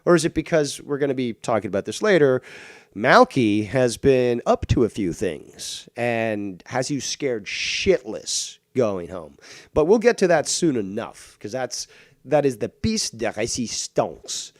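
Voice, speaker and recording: A man's voice: medium pitch, big pitch swings, measured pace, no room sound. Mocking, profane streamer man, dry sound. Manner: mocking, combative, swears a lot. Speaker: streamer reacting to clips. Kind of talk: profane ranting commentary.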